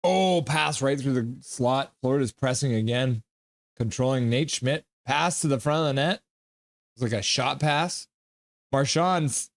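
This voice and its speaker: A man hosting a live reaction stream, calling the hockey game play-by-play in a brisk manner, with bursts of loud cheering. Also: medium pitch, no echo, studio quality.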